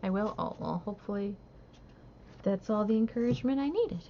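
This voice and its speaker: A woman's voice: medium pitch, animated, a little fast. A tired young woman chatting casually on a live stream while she crochets, rambling and hesitant with many fillers. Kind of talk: casual chat while crafting. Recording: dull lo-fi stream audio with faint hiss.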